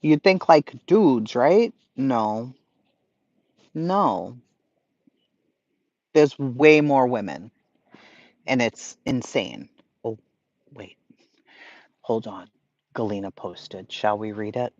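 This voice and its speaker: A man hosting a casual livestream, chatting to viewers in an excitable way and swearing freely. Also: medium pitch, extremely slow, pauses often, no echo, lo-fi sound. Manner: profane, excitable, talks to chat. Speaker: livestream host.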